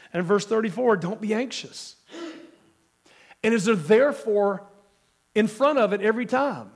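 A male pastor delivers an emphatic sermon while nursing a cold. His voice sits high for a man, and he keeps turning to the congregation with questions. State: has a cold.

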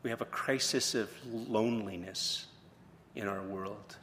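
Low-voiced preacher in a reverberant hall. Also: male voice, a little slow, pushed and bright, a little hiss or hum. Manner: retells a story, then poses questions. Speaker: pastor. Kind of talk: sermon.

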